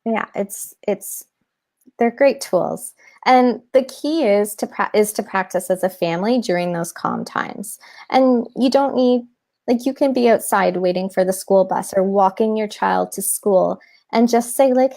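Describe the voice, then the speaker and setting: A woman guest who teaches mindfulness to children, explaining techniques in an animated way in a casual interview. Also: mid-range voice, unhurried, gravelly. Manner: animated, demonstrates with props and breathing.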